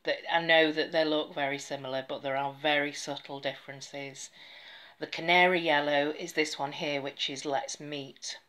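A woman chatting casually to camera about nail polish, rambling a little and dropping into soft whispered asides. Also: sits low, fairly even intonation, moderate pace.

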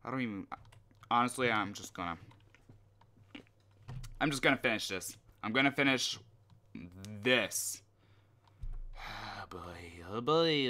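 A man's voice: medium pitch, big pitch swings, slow, pauses often, a bit bright, clean tone. A young man commenting on a horror game as he plays, muttering to himself, swearing and getting jumpy at scares. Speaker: gameplay commentator.

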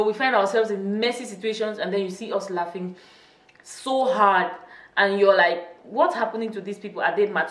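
A woman's voice: mid-range voice, fairly bright tone, distant mic. Chatty young woman vlogging in echoey room. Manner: chatty, laughs often, teasing. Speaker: YouTuber. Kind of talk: casual vlog chat.

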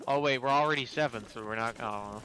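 Woman, very deep voice, headset mic, loud game music behind. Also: fairly quick. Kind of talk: casual gaming chat. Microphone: gaming headset.

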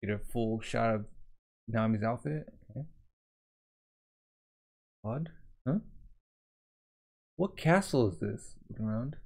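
A man's voice: lowish voice, takes it slowly, creaky, long pauses, a little mellow. A man hosting a live comic reaction, narrating the panels aloud and adding his own sound effects.

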